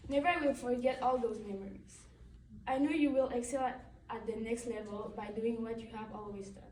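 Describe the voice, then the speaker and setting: A woman's voice: on the high side, brisk, a little mellow, slight background noise. A teenage girl reading a heartfelt farewell tribute speech in earnest, with slightly non-native phrasing. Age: late teens. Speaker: student athlete giving a tribute. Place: large echoey hall. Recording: echoey hall, distant mic.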